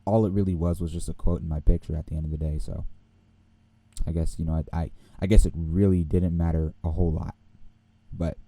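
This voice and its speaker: A young man hosting a podcast, telling a rambling, animated story and laughing often. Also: sits low, dry recording. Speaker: podcast host. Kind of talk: casual storytelling.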